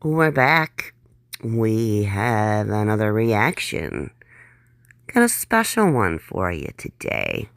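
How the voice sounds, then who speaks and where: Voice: mid-range voice, big pitch swings, slow pace, fairly bright tone, no room sound, clean studio sound. A reaction channel host giving blunt, sarcastic and profane commentary on a clip.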